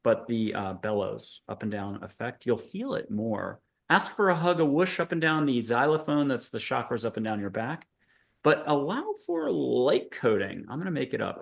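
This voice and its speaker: A man's voice: lowish voice, vocal fry. A man hosting a video-call panel, leading a guided meditation in a playful, rambling, punning way. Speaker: host.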